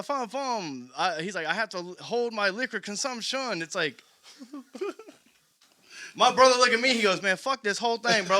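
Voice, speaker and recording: A man chats on a podcast, spinning animated stories and laughing through the quotes he acts out. His voice sits a little high and sounds bright and forceful. The sound is dry and close. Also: dry recording. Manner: animated storyteller, laughs while quoting others. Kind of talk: casual chat.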